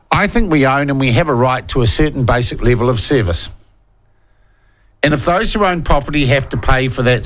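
A middle-aged man with a New Zealand accent hosting a talkback radio show, ranting with forceful indignation. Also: medium pitch. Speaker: talk radio host. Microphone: studio microphone.

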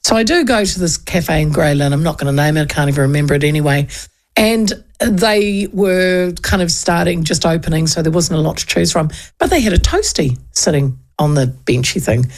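A woman's voice: deep voice, a little fast. A woman with a New Zealand accent hosting a radio show, telling stories in a chatty, self-mocking way and acting out what people said. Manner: chatty, animated, self-mocking, acts out quotes. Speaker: radio host. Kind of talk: casual radio chat and storytelling.

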